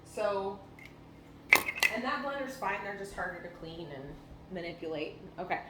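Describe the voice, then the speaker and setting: A woman's voice: medium pitch, animated, moderate pace. A woman co-hosting a casual cooking demonstration, explaining things in a chatty way with frequent fillers. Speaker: cooking show co-host. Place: home kitchen. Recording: echoey kitchen with background noise.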